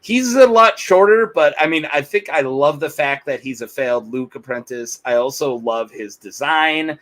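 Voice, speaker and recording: Bright-voiced man chatting casually. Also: on the high side, moderate pace, rough recording. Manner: rambling, laughs often, quotes characters in playful voices. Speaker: podcast co-host. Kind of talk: casual chat.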